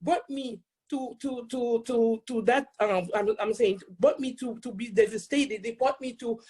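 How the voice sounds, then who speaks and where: A woman in her forties with a thick Haitian accent, sharing a personal testimony as an invited speaker in an excitable way that is quick to laugh. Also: a little high, husky. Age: 40s.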